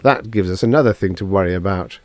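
A man's voice: low-pitched, fast, no room sound, lightly acted. A man voicing a thin, dry, sarcastic male space salvager.

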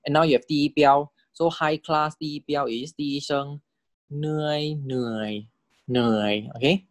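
A man's voice: fairly even intonation, moderate pace, no echo. Patient male language teacher, dry close sound. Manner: patient, checks understanding with repeated "correct?" and "okay?"; repeats example words several times with rising and falling pitch to model tones. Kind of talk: recorded lecture explaining Thai spelling and tones.

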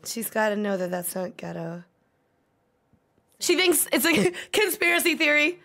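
A woman's voice: fairly high pitch, big pitch swings, a little slow, a bit bright. A young woman reacting live to an anime episode, gasping, swearing and pleading at the screen.

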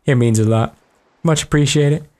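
A man's voice: fairly high pitch, moderate pace, dark tone. A man giving joking, profane let's play commentary as host of a gaming video. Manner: joking, profane, reacting aloud.

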